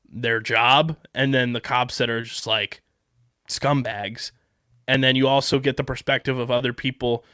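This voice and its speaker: A man with a Philadelphia-area accent co-hosts a casual podcast and reviews a TV show with rambling enthusiasm, restarting his sentences often. His voice sits at a middling pitch. The sound is very dry and close, recorded on a podcast mic. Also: fairly bright tone, clean tone, dry recording. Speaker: podcast co-host.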